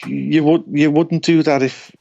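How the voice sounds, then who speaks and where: A man's voice: a little high, unhurried, creaky, no echo, highs cut off. A man co-hosting a casual podcast chat, blunt and sweary as he tells stories. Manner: blunt, sweary, animated storyteller. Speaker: podcast co-host.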